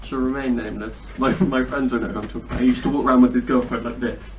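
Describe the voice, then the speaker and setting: Young male co-host, mid-pitched, with dry wry asides. Distant mic, faint hiss. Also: fairly even intonation, rapid-fire. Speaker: podcast co-host. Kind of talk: casual chat.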